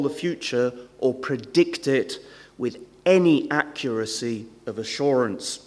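A man's voice: medium pitch, animated, unhurried. A man preaching a sermon in a church, conversational, with rhetorical questions and frequent hesitations. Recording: long hall reverb.

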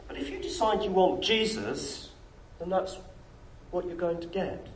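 A middle-aged man preaching a sermon, emphatic and full of rhetorical questions. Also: a little slow. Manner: emphatic, rhetorical questions, lively pitch swings. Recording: echoey room with faint noise.

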